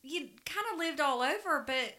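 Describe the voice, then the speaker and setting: A woman's voice: high voice, lively intonation, moderate pace, a crowd in the background. A woman with a Southern US accent, co-hosting a podcast in folksy, chatty talk and laughing easily. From Louisiana, US South. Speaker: podcast co-host. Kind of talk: casual chat.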